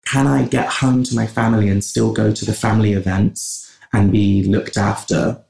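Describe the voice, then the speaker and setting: A man's voice: lowish voice, flat delivery, moderate pace, vocal fry, darkish tone. A man from in England, a podcast guest talking passionately in long runs with restarts. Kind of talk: conversational interview. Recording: roomy echo.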